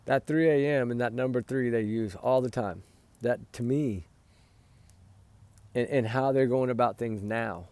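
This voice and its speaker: Tired man, dark gravelly voice, rambling casual opinion talk, for a commentary spot. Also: mid-range voice, measured pace, long pauses, dry recording. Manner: rambling, repeats "right?", sighs and yawns. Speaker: commentator on a missing-child case.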